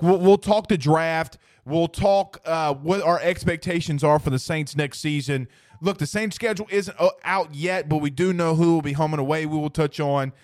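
A man co-hosting a casual sports podcast, excitable and animated, jumping between quick banter and self-corrections. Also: a little high, dry recording, clean studio sound. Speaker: podcast co-host.

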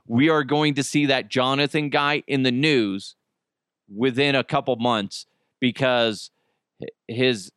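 On his casual solo podcast, a middle-aged host rants with exasperation and profanity, spinning stories full of animation. His mid-range voice is smooth and a bit bright, captured in a dry, studio-quality recording.

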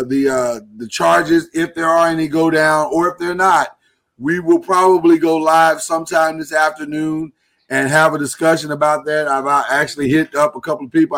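A man hosting a live talk show, speaking earnestly and haltingly while he holds back emotion. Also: on the high side, a bit bright. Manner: earnest, halting, with many restarts. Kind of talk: casual live-stream talk.

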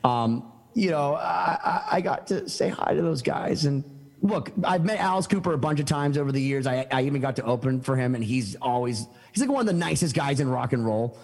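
Rambling excited man in an echoey room. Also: mid-range voice, a little fast, creaky. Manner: excited, rambling, lots of fillers and restarts. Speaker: podcast guest, musician. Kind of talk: casual storytelling chat.

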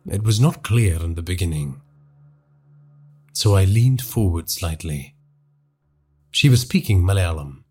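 A man narrating a horror story for a podcast in a hushed, dramatic storytelling manner. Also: low voice, lively intonation, measured pace, pauses often, husky.

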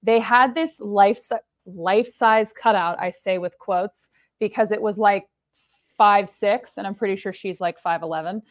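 A woman's voice: medium pitch, moderate pace. A woman co-hosting a podcast in casual chat, joking and swearing as she tells stories. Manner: animated, joking storyteller who swears. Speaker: podcast co-host.

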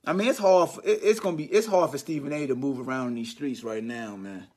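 A man hosting a sports podcast, riffing in an animated, slangy, mocking way. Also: mid-range voice, fast talker. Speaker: podcast host. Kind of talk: casual sports commentary monologue.

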